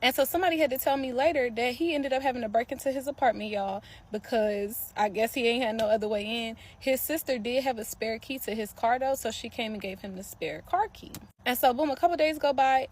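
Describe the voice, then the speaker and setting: Woman, slightly high voice, animated casual storyteller talking to camera. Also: a little hiss or hum. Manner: animated, speaks straight to viewers, laughs often.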